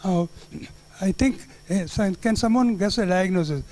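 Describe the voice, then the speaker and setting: Older man, Tamil Indian English accent, high-pitched, mellow tone, storytelling medical lecture, repeats himself for emphasis. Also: normal speed, low-quality recording. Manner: storytelling, repeats phrases for emphasis, chuckles at own anecdotes. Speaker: neurologist lecturer.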